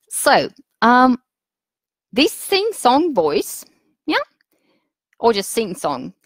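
A woman with a Russian accent runs a teachers' webinar at an unhurried pace, giving instructions patiently and pausing with fillers to collect her thoughts. Her voice sits at a middle pitch. The sound is dry and close, with no room echo. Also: a bit bright. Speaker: teacher trainer.

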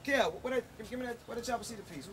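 High-voiced New Orleans man ranting on the street. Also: fast talker. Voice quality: profane, boastful, confrontational street talk. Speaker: rapper. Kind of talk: unscripted street vlog rant. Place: outdoors on a neighborhood street. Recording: loud street noise with passing cars.

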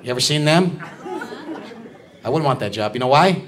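A man doing a stand-up comedy routine on a club stage, ranting, shouting punchlines and bantering with the crowd. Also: mid-range voice, animated, normal speed. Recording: live club with loud audience laughter. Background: crowd laughing.

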